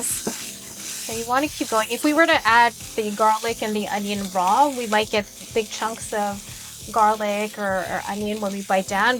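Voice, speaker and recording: A woman hosting her cooking channel, chatting playfully and explaining each step as she cooks in her kitchen. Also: on the high side. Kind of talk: casual cooking vlog. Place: home kitchen with food sizzling. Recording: background music under the voice. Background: music and sizzling pan.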